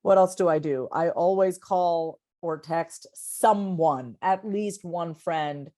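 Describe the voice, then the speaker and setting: Lively podcast guest lady, kinda low voice, stumbles over repeated words when she gets going. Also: slow. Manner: coaches herself out loud. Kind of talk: casual conversation.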